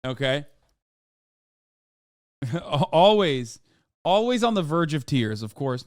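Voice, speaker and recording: A man's voice: fairly high pitch, big pitch swings, slow, pauses often, smooth, no room sound, clean studio sound. A man streaming casual reaction commentary, sarcastic and profane, rambling as he riffs.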